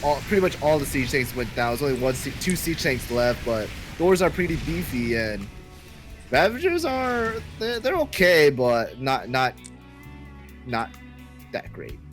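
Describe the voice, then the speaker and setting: A man's voice: medium pitch, big pitch swings, unhurried, faint music behind, rough recording. A man commentating a live esports match with joking, playful banter. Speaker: esports caster.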